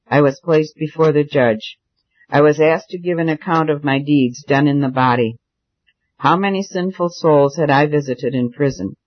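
A man's voice: a little high, close to an everyday voice. A man voicing a wealthy male landlord who is anxious and guilt-stricken, read in an audiobook. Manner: anxious confessional pleading. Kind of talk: audiobook character reading. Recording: dull dry recording.

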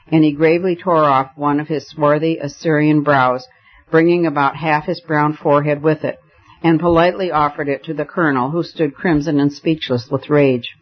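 A man narrating a novel in a measured, expressive reading. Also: on the high side. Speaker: audiobook narrator. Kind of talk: scripted narration. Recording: dull lo-fi audiobook recording.

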